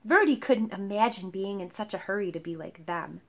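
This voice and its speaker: A woman reading a picture book aloud, expressive and pausing to explain words for children. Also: mid-range voice, lo-fi sound. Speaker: storybook reader.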